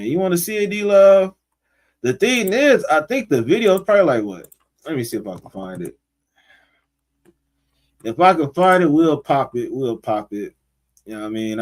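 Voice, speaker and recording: A man hosting a laid-back livestream, chatting with his viewers and reacting to their comments in slangy, easygoing talk. He takes his time and doesn't rush. His pitch swings up and down a lot. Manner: loose, slangy and talkative, calling out to viewers. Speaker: livestream host. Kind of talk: casual livestream chat, reading and reacting to comments.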